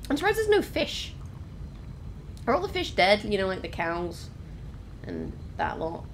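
Young woman, low-pitched but lively, chatty let's-play commentary over clearly audible game sound. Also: brisk, a little hiss or hum. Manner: chatty, exclaiming, addresses viewers. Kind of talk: casual gameplay commentary. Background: game ambience.

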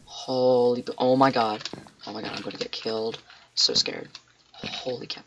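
A man giving excitable let's play commentary, talking to himself with frequent exclamations at a desktop mic. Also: medium pitch, moderate pace, highs cut off, very noisy. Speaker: gamer.

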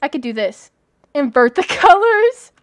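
A female gaming streamer with a high, lively voice provides unhurried live commentary, her pitch swooping as she reacts. Excitable and giggly, she talks into a headset mic and erupts into yelps and shrieks.

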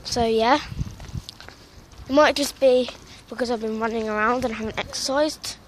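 A woman's voice: fairly high pitch, fairly even intonation, normal speed, low-quality recording. A young woman vlogging casually while walking her dog outdoors, rambling with many fillers and out of breath. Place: outdoors in a park. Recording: loud outdoor noise.

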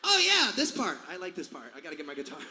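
A man's voice: sits high, huge pitch swings, fast talker, bright, forceful tone. A man in his forties chatting and laughing with a concert crowd between songs, telling rambling stories. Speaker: singer addressing a concert crowd. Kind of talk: onstage banter. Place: large concert venue on stage. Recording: live hall reverb, faint crowd noise.

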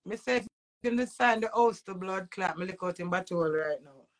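A woman's voice: mid-range voice, moderate pace. A middle-aged woman with a Jamaican accent, ranting heatedly and profanely to camera in a personal vlog. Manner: profane, emphatic, with sudden loud outbursts and laughs. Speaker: vlogger.

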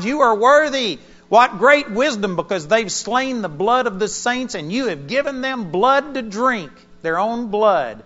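A preacher delivering a sermon to a congregation in an auditorium, swinging between loud emphatic bursts and quiet asides. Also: male voice, sits high, in a large hall, muffled recording.

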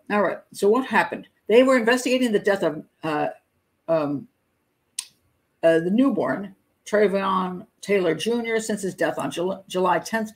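A middle-aged woman with a lowish voice hosts a crime profiling show during a live patron hangout, reading a news story aloud with stumbles and her own asides. She breaks into nervous laughter at the grim details. The recording quality is poor.

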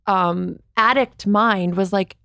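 A woman's voice: mid-range voice, fairly even intonation, takes it slowly, gravelly, sharp tone, clear, resonant tone, dry recording, studio quality. A woman guest on a podcast, telling candid stories in a chatty way, filling her speech with "like" and acting out what people said. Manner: chatty, fills speech with "like", acts out quoted voices. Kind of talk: candid storytelling.

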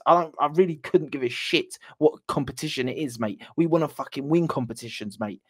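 A man's voice: fairly high pitch, brisk, few pauses, breathy edge. A man giving an angry, sweary reaction after his team loses a football match. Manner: furious, swearing, repeats himself. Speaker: football fan channel host.

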